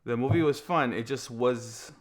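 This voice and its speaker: A man's voice: mid-range voice, normal speed. A man co-hosting a casual movie review podcast, talking in rambling bursts with many restarts. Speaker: podcast co-host.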